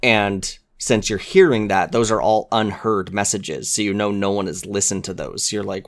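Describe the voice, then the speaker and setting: A man with a somewhat low voice chats earnestly about a story game. He often drops to a soft murmur as he recalls details. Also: fairly even intonation, moderate pace, hardly any pauses. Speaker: podcast co-host. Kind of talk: casual chat.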